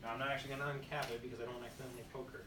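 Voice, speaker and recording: A man's voice: medium pitch, flat delivery, rapid-fire, background noise. A man teaching nursing students in a classroom, drilling points through repetition and quizzing the class with questions. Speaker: nursing instructor. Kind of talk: classroom demonstration lecture. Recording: echoey room, mic at a distance.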